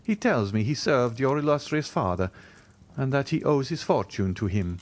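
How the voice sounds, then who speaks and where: A man's voice: mid-range voice, very animated, moderate pace, pitched above the performer's own voice, natural voice. A man voicing a suave, mysterious wealthy count in an audiobook, with formal, courtly phrasing.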